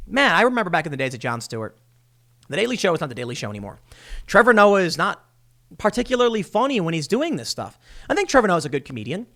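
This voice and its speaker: A man's voice: sits high, big pitch swings, fast talker, bright, forceful tone. A man hosting a solo commentary show, ranting with exasperated sarcasm and mocking the people he quotes. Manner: mocking voices when quoting people. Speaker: political commentary host.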